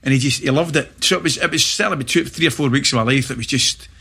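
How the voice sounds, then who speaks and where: A middle-aged Scottish man chats about his football days with a bright, forward voice. He tells his stories with animated energy and keeps tossing in little check-ins to his listeners. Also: medium pitch, creaky, husky. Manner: animated anecdotes, quick asides like "right?". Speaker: former footballer and pundit guest. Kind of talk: casual storytelling chat.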